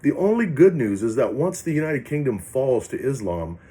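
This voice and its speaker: A man's voice: mid-range voice, sing-song, normal speed, mellow. A man vlogger delivering ranting political commentary in an angry, profane, rambling way.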